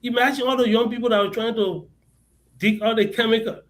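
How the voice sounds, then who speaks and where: A man's voice: extremely high pitch, fairly even intonation, brisk, rough recording. A man with a Liberian accent speaking as a guest on a talk show, passionate and emphatic, often repeating words as he searches for them. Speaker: guest advocate. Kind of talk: impassioned talk-show interview.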